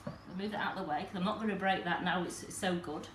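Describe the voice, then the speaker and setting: Chatting to viewers while she walks through each step, the woman running the live kitchen cooking demo speaks quickly in a lowish voice. The room is echoey with faint noise.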